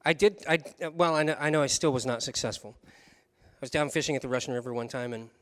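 A man preaching as a pastor shares a story from his own life, animated and punctuated by chuckles. He talks at a medium pitch, a little fast.

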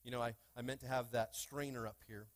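A man preaching a lively sermon in a church, with call-and-response and playful asides to the congregation. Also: mid-range voice, fairly quick. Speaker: pastor. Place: church sanctuary.

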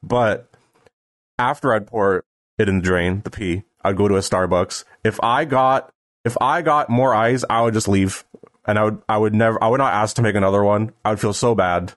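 A man's voice: fairly low pitch, moderate pace. A man in casual podcast chat, self-deprecating and laughing as he talks.

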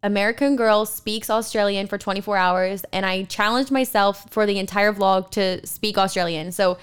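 Chatty young woman, smooth voice. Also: medium pitch, fairly even intonation, moderate pace. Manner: chatty, lots of "like" and quote unquote. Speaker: vlogger. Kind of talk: casual chat.

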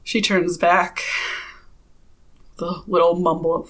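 A woman's voice: fairly low pitch, fairly even intonation, slow pace, fairly bright tone. A woman player describing her character's actions in a casual tabletop game.

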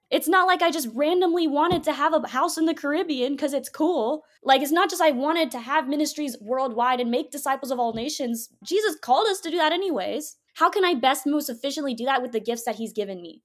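Woman with a high voice telling her faith story, earnest, lots of "like". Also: lively intonation, a little fast, hardly any pauses. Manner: earnest, emphatic storytelling with many "like"s. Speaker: podcast guest. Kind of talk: faith testimony chat.

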